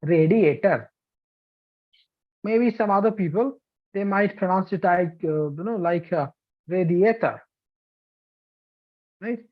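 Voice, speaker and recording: A TEFL course instructor from India, speaking with an Indian English accent in a medium-pitched voice at a moderate pace, teaches a live online demo lesson. He often checks in with "okay?" and "you know," and the online class audio sounds dull and lo-fi.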